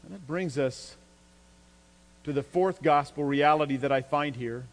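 A fairly high-voiced male pastor delivers an emphatic sermon, lifting his pitch and volume to press his points. The sound rings with a long hall reverb, and a faint mains hum runs underneath. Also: unhurried.

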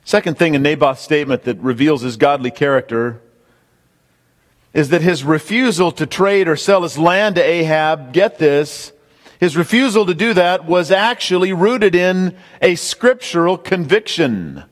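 Emphatic preacher in a reverberant hall. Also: male voice, fairly high pitch, lively intonation, unhurried. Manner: emphatic, repeats key points, addresses the congregation directly. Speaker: pastor. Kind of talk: sermon.

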